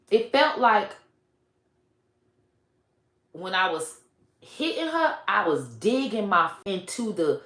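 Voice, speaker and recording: Lady comic spinning a raunchy story real slow, bright voice, lots of cussing and laughing, echoey room. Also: fairly low pitch. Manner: raunchy, laughing between lines. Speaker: comedian storyteller. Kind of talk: profane comedic storytelling.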